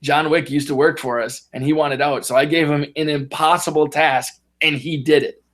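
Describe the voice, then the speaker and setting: A man with a fairly high voice chats casually on a podcast. He tells movie stories with animation and jumps into voices for the characters as he goes. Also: normal speed. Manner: animated storyteller who acts out movie scenes in voices. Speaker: podcast co-host. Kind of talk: casual chat.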